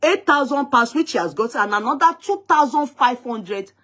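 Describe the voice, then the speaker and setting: A woman's voice: high voice, lively intonation, normal speed, fairly bright tone. A woman hosting a live-stream talk show, speaking in an emphatic, indignant way and often repeating herself as she recounts a dispute. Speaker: host of an online talk show.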